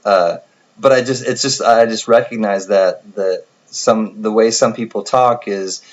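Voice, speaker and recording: Low-voiced guy chatting slowly on a stream, rambly, dull lo-fi sound. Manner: rambling, self-correcting, laughs often. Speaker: livestream host. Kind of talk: casual chat with viewers.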